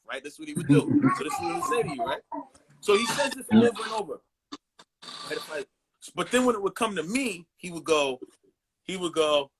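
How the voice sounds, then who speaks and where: Bright-voiced man telling profane stories. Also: on the high side, fast talker, slight background noise. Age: 40s. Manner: profane, animated storytelling full of impressions. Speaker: podcast guest. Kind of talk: casual storytelling chat.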